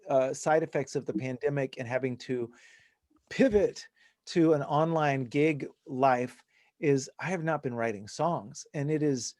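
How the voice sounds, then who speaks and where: A middle-aged man teaching a songwriting workshop online, talking in an animated, chatty, self-deprecating way. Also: mid-range voice, no echo, clean studio sound. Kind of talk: casual online workshop talk.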